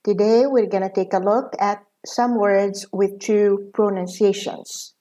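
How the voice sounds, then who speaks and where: Slow-paced woman teaching pronunciation. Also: medium pitch, steady tone, mellow. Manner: slow and deliberate, with frequent uh fillers. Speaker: professor of English and translation. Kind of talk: pronunciation lesson.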